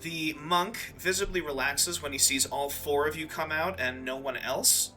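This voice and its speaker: Bright-voiced man running a tabletop game. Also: a little high, normal speed, soft background music. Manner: relaxed, hesitant narration with many ums. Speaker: dungeon master.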